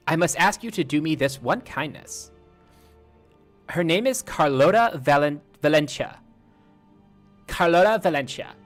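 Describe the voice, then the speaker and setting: A man's voice: a little high, a bit bright. A man reading a game book aloud as a lecherous, flowery male bard while mimicking a text-to-speech lady voice. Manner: grandiose, theatrical reading.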